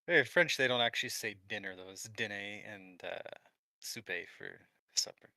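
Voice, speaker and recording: A man from Quebec co-hosts a livestream, relaxed and chuckling, with many filler words. His voice sits low, recorded dry with little room sound. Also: a little fast, vocal fry, no room sound. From Quebec, Canada. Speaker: livestream co-host. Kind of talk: casual livestream chat.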